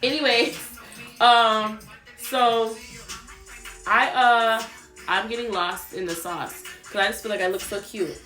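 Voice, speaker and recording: A young woman telling a storytime on her vlog in a chatty, animated way, swearing and talking straight to her viewers. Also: a little high, takes it slowly, long pauses. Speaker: vlogger. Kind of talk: casual storytime chat. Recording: roomy echo, faint background music.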